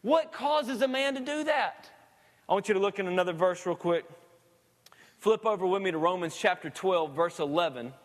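A high-voiced man preaches a sermon in a casual, folksy way, breaking off for quick jokes. His voice rings with the long reverb of a big church hall. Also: lively intonation. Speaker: pastor. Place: church sanctuary.

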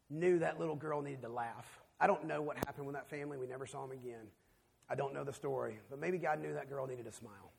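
A man preaching a sermon, telling a personal story and swinging between hushed, quiet passages and loud, emphatic ones. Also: mid-range voice, gravelly, slightly rough. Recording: long reverb of a large hall.

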